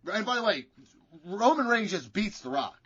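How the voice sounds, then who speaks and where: High, bright, profane man ranting. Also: big pitch swings, moderate pace, breathy edge. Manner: profane, rambling storyteller. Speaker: podcast co-host. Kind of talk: casual sports chat. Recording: dull lo-fi sound.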